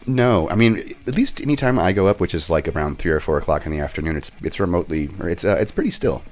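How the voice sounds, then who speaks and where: A man co-hosting a podcast in casual chat, relaxed and wry, teasing his co-host. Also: low-pitched, fast.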